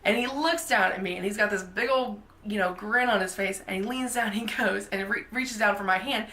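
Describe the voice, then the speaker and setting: A woman vlogger telling a funny personal anecdote in a casual, animated, self-mocking way. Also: mid-range voice, brisk, roomy sound. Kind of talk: casual storytelling.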